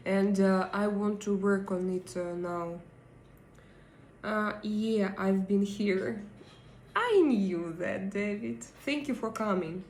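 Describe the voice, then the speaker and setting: Russian lady doing a chatty livestream, slow and full of uhs, echoey room. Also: mid-range voice, lively intonation, a little mellow, slight background noise. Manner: chatty, hesitant, many fillers. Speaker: live stream host. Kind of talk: casual live chat reading comments. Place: home in Denmark.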